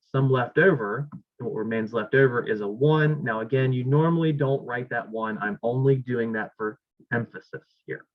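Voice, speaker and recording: A male math instructor giving a classroom lecture, thinking aloud and correcting himself as he works problems on the board. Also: mid-range voice. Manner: talks while writing, thinks aloud, self-corrects. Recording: dull lo-fi classroom recording.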